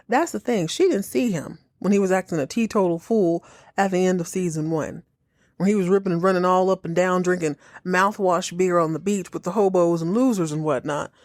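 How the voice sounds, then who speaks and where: A woman hosting a podcast, reacting to a TV episode in casual, exasperated commentary, cursing freely and slipping into quick mocking impressions. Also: fairly low pitch, dry recording, studio quality. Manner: animated, exasperated, swears freely, mocks characters in quick impressions. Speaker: podcast host reacting to a TV show.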